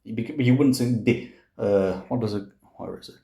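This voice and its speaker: A man teaching Italian diction to singers, explaining words slowly and patiently, repeating each one as a model and often murmuring "mm". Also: lowish voice, vocal fry, mellow, reverberant. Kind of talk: relaxed explanatory lesson.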